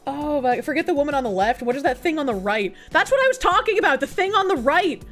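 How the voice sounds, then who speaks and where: A woman's voice: high voice, fairly bright tone. A young woman streamer ranting angrily and profanely in casual livestream commentary, tired and worked up.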